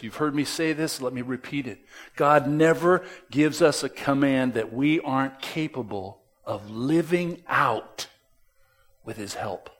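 This mid-range-voiced man preaches a sermon as pastor, emphatic but conversational. His delivery alternates between loud stresses and soft drops, with asides directed at the congregation.

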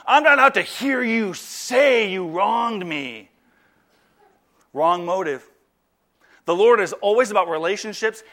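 A male pastor delivering a sermon in a high, bright voice. He swings between soft, hushed moments and louder, emphatic pushes, mixing jokes with earnest appeals. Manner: animated preaching, mixing humor with earnest appeals.

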